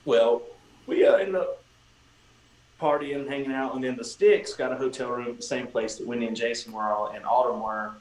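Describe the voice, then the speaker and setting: Guest musician, male, lively anecdote teller, roomy echo. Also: mid-range voice, normal speed. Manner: animated storyteller, swearing, acting out quotes. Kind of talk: casual storytelling on a livestream. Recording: echoey room with faint ambient noise.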